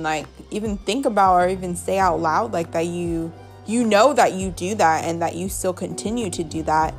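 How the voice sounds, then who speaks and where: A young woman hosts her podcast in loose, unscripted chat, blunt and gossipy, with plenty of swearing and "like" scattered through every sentence. Her voice sits at a middle pitch for a woman. Faint music plays softly underneath. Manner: gossipy, blunt, swears freely, heavy use of "like". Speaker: podcast host. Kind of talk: casual chat.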